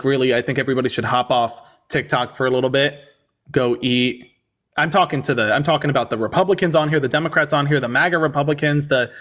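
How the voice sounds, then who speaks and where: A man's voice: medium pitch, a bit bright. A man hosting a livestream debate, talking casually with a sarcastic, incredulous edge.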